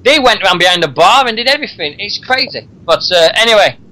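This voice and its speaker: Brief: male radio host, bright, slightly high voice, chatty, calls people mate. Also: sing-song, quick pace, a little hiss or hum, poor audio. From Britain. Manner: chatty, laughs often, says "mate". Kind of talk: casual wrestling chat.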